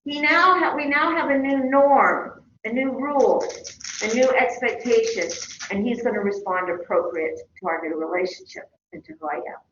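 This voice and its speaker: A woman's voice: on the high side, expressive, moderate pace, fairly bright tone, a little hiss or hum. An older woman lecturing a college class in a conversational way, checking in with her students. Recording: roomy, dull lecture-hall recording.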